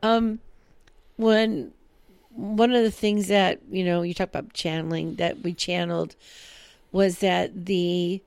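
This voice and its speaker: A woman with a gravelly, creaky voice talks slowly and thoughtfully in a casual conversation. She often chimes in with short agreements. Her voice is recorded dry and close, with little room sound. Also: on the low side, steady tone, a little mellow, no echo. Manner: slow, reflective, gives frequent short agreements. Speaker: podcast co-host. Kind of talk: casual chat.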